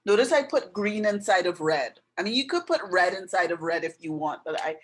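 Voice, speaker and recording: A woman giving a casual drawing tutorial, gently narrating each step as she draws. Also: lowish voice, expressive, fairly quick, slight background noise, rough recording. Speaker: art tutor. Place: indoors with passing road traffic.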